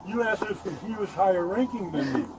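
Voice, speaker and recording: A man's voice: sits high, animated, brisk, noisy background. Stern, matter-of-fact male officer. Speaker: police officer. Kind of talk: firm instructions.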